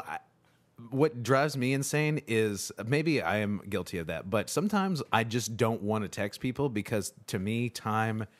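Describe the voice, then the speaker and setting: Male podcast host, lowish voice, slightly hoarse, easygoing banter. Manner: relaxed, laughs easily, joking. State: hoarse from a cold. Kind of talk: casual chat.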